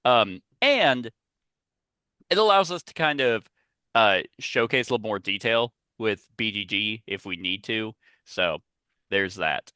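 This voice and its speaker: A man's voice: lowish voice, lively intonation, measured pace, sharp tone, clear, resonant tone, no room sound. A man hosting a podcast in casual chat, rambling and chatty with lots of asides, talking on a headset. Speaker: podcast host.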